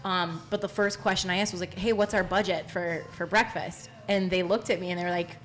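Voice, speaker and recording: A young woman hosting a casual podcast, telling expressive stories with lots of "like.". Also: lowish voice, a little fast. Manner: chatty, expressive storyteller with frequent "like" and bursts of laughter. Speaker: podcast host.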